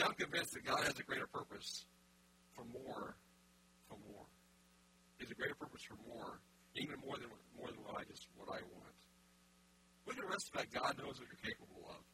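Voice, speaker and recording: Man, pastor, conversational sermon, mid pitch, faint hum behind. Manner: conversational preaching with fillers.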